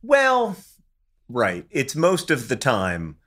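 A man's voice: medium pitch, wildly swooping pitch, slow pace, a bit bright. Wry, teasing male podcast co-host. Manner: wry and teasing, laughs often. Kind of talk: casual chat.

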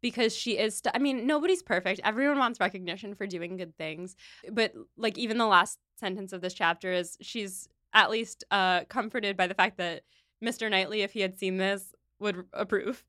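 A woman's voice: medium pitch, normal speed, sharp tone, dry recording, studio quality. A woman co-hosting a book podcast, casually retelling chapters with playful quoted asides. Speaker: podcast co-host.

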